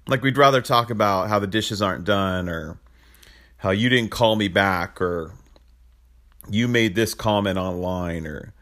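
A man in his thirties talks in a low voice as a podcast host. He is earnest and conversational, rambling a little and restarting his sentences. He chuckles now and then as he reflects on faith and family. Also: unhurried, fairly bright tone. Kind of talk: casual reflective talk on faith.

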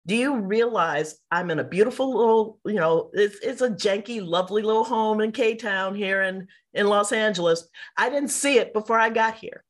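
A middle-aged woman, an interview guest, telling personal stories in a lively, casual way and acting out what people said. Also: mid-range voice, moderate pace, hardly any pauses. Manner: animated, mimics people in quotes.

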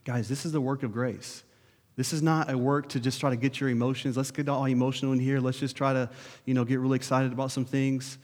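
Male preacher, mid-pitched, earnest sermon delivery with urgent rises, long church reverb. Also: level tone, fast. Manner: earnest, rising to urgent questions, dropping soft for prayer. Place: church sanctuary.

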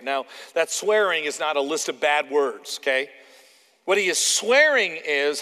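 Canadian preacher, light voice, echoing hall. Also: male voice, on the high side, normal speed. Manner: conversational, animated, acts out quotes. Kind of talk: sermon. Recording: long hall reverb.

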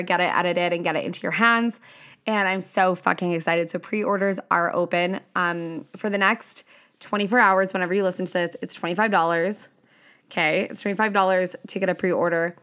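A woman's voice: medium pitch, a bit bright. Chatty young woman podcast host. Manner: chatty, heavy "like" and "right?" fillers, swears freely. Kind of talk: casual podcast monologue.

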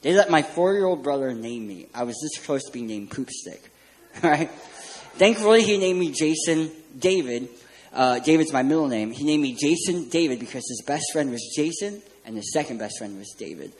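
A man preaching a sermon as a pastor, joking and animated as he tells stories. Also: on the high side, normal speed, rough recording. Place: church stage.

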